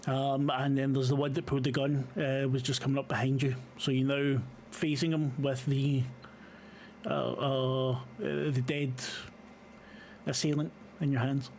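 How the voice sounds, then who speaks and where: A man's voice: medium pitch, little pitch movement, unhurried, a little mellow, slight background noise. A man running a tabletop horror game as game master, describing scenes with frequent ums and uhs. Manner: hesitant, many fillers.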